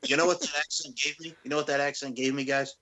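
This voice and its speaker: A man co-hosting a wrestling podcast in casual chat, loud, excitable and profane as he rants. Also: medium pitch, fast. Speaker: podcast co-host.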